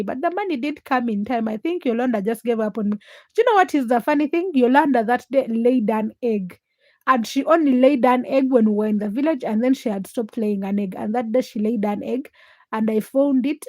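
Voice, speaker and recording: A woman from Uganda hosts a casual livestream, telling stories with animation and answering her viewers' comments. Her voice sits fairly high. The sound is dry and close. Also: a little fast, dry recording. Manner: animated storytelling, reads viewer comments aloud. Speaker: livestream host.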